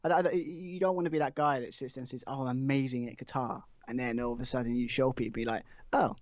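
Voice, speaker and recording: A man's voice: medium pitch, steady tone, rapid-fire, no room sound. Man, chatty guest, rambling delivery, dry lo-fi sound. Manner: rambling, lots of fillers and restarts. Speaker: podcast guest. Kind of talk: casual chat.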